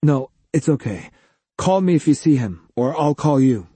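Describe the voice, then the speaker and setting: A man's voice: fairly high pitch, animated, moderate pace, dark tone, breathy edge, no echo, voice pushed up. A man voicing an impatient young man in an audiobook.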